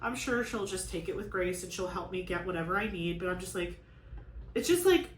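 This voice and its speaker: A woman's voice: lowish voice, a little fast. A woman hosting a crafting vlog, chatting casually and venting with frustration, peppering her talk with "like". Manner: rambling, lots of "like", frustrated venting. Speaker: crafting channel host. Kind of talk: casual chat while crafting. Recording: echoey room with faint ambience.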